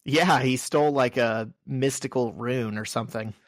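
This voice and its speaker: A man's voice: mid-range voice, moderate pace, no room sound. Brief: male co-host, dry quips, mid voice, close dead mic. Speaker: podcast co-host. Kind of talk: casual comic book podcast chat.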